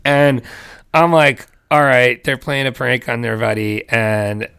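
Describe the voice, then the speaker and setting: A man co-hosting a podcast, telling a story in a casual, animated way, laughing often and acting out the voices of the people he quotes. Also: medium pitch, slow, gravelly, smooth, no room sound. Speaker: podcast co-host.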